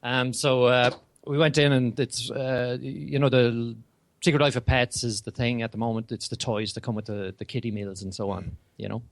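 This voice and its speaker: A man's voice: mid-range voice, little pitch movement, normal speed, few pauses, dry recording. A man co-hosting a casual podcast, telling anecdotes in a chatty, rambling way. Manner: chatty storyteller with many restarts. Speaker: podcast co-host. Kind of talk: casual chat.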